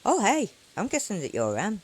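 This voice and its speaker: A woman's voice: medium pitch, huge pitch swings, normal speed, slight background noise, voice pushed up. A woman voicing a shy, awkward young man in a farming game who hesitates and slips away. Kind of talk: reading game dialogue aloud.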